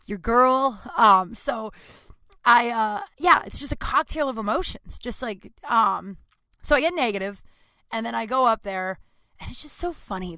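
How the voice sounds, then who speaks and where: A young woman hosts her own podcast in a loose, rambling way, swearing freely as she tells stories. Her voice is bright and sharp, recorded close and dry with no room sound. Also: on the high side, no room sound. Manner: rambling, profane, animated storytelling with frequent laughs. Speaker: podcast host. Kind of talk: casual solo podcast chat.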